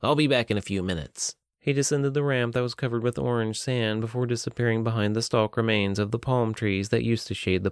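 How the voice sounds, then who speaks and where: A man narrates a story in an audiobook style, reading in a steady, even way. His voice is smooth and clear at a middle pitch, and the recording is dry and close. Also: dry recording.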